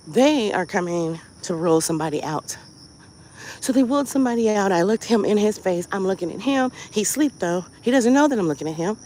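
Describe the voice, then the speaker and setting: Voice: mid-range voice, a little hiss or hum. A podcast host telling a story in a casual monologue, swearing freely and firing off rhetorical questions. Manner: profane, animated, rhetorical questions. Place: outdoors on a walk.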